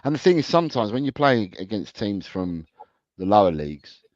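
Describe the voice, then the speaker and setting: A man's voice: lowish voice, sing-song, fairly quick, no room sound. A man co-hosting a casual football podcast, talking emphatically and repeating his phrases. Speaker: podcast co-host. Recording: dry, dull lo-fi audio.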